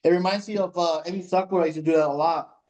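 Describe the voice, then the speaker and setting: A young man co-hosting a podcast, rambling through match recaps in a casual, animated way with lots of filler words. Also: on the high side, fast talker. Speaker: podcast co-host.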